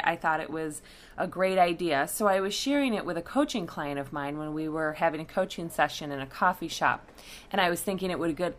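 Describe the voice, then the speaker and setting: A woman's voice: low voice, fairly bright tone. A woman, working as a coach, tells a candid personal story to her listeners, with fillers and restarts.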